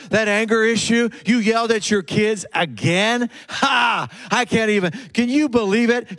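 A man doing a sneering high accuser. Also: a bit bright. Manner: sneering, jeering, rising taunts. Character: mocking male accuser, the enemy, taunting.

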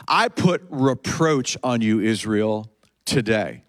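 Man doing a defiant giant warrior, slow drawn-out taunts, dry close sound. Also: lowish voice, expressive, no echo, voice pushed down. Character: boastful giant warrior daring an army.

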